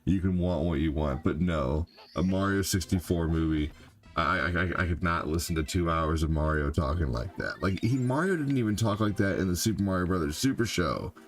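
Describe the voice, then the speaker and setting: A man's voice: sits low, fairly quick. An older man chatting casually while streaming gameplay, rambling with lots of "you know" and "like," with game music faintly behind. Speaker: gaming streamer. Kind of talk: live gameplay stream chat.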